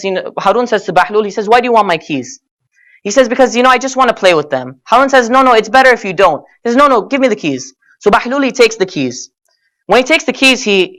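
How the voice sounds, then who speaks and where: A young man speaking at a Muharram gathering gives a sermon in an earnest, direct way, addressing listeners as brothers and sisters and often saying "you know" while telling a story. His voice sits high and is fairly bright.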